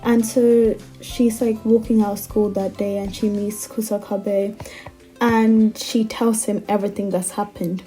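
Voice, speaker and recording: Chatty young woman with a dark voice. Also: mid-range voice, steady tone, normal speed, faint music behind. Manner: chatty, frequent "like" fillers, exasperated asides. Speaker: manga commentator. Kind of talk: casual recap rant.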